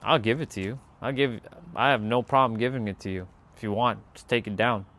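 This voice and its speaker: A man's voice: mid-range voice, steady tone, fairly quick, a bit bright. Laid-back man rambling on a live stream. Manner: laid-back, rambling, talks straight to viewers. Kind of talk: casual live stream chat.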